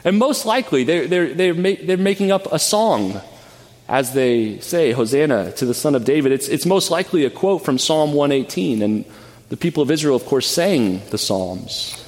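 A man's voice: on the high side, animated, normal speed, a little mellow. Earnest preacher man in a reverberant hall. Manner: earnest, emphatic preaching with frequent word repeats. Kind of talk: sermon. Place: church sanctuary. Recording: long church hall reverb.

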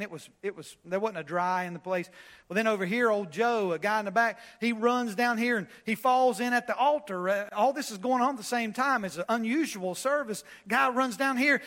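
High-voiced preacher, animated. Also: male voice, in a large hall. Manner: animated, swings between loud preaching and quiet. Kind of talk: sermon storytelling. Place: church.

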